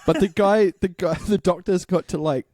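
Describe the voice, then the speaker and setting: A man's voice: high voice, moderate pace, a little mellow, no room sound. A man, co-hosting a podcast and telling stories in casual chat, acting out other people's lines. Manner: storytelling, acting out quoted voices. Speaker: podcast co-host.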